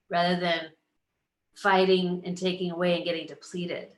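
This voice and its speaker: A woman's voice: fairly low pitch, little pitch movement, moderate pace. A woman astrologer hosting a casual live stream, bubbly, laughing often and acting out little inner voices as she talks to viewers. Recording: roomy echo.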